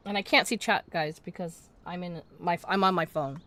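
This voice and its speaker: A woman's voice: on the low side, steady tone, normal speed, a bit bright. A woman game streamer in casual live-stream chat, ranting in exasperation, swearing and repeating herself.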